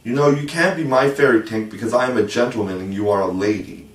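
A man voicing a cocky, self-assured young boy in a brisk, boyish manner. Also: medium pitch, distant mic, natural voice. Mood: boastful. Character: cocky boastful boy Peter Pan. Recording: roomy echo, voice set back from the mic.

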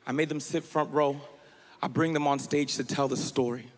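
High, bright-voiced stand-up comedian. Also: male voice, a little fast, some chatter behind. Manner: punchy, shouted punchlines. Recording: live hall with long reverb. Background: audience laughter.

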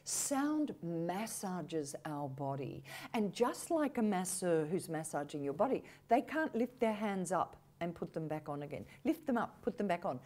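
Animated woman with a lively pitch. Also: normal speed, hardly any pauses. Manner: animated, demonstrative, swoops high to illustrate points. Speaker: communication expert guest. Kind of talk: conversational interview. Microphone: video call.

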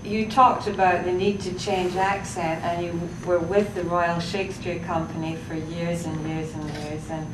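A woman's voice: on the low side, little pitch movement, moderate pace, hardly any pauses. A woman in the audience asking a hesitant, personal question at a public talk. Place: public library talk room. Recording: noisy echoey room from far off.

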